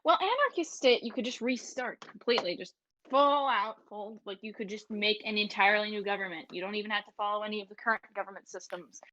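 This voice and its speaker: A woman with a bright, forceful voice chats playfully as a podcast guest and throws out chaotic jokes. Her sound is dry and close, with no room echo. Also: medium pitch, fast talker, muffled recording. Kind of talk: casual chat.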